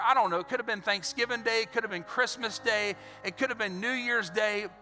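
A man preaching a sermon as pastor, energetic and animated, acting out little scenes. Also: high voice. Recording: reverberant hall with faint music.

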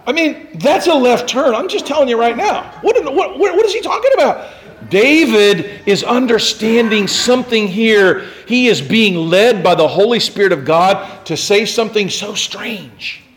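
A man preaching a sermon as pastor, animated, swinging from shouting to hushed tones and declaiming scripture aloud. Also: high voice, unhurried, hardly any pauses.

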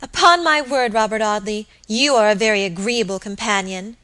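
A woman gives voice to an impatient, sharp-tongued young woman in a storybook reading. Her teasing is tart and bright. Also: medium pitch, normal speed, natural voice, poor audio.

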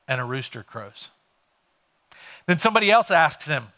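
Bright-voiced male pastor preaching. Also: a little high, sing-song, normal speed, pauses often. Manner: conversational storytelling, retelling scripture in everyday words. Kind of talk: sermon.

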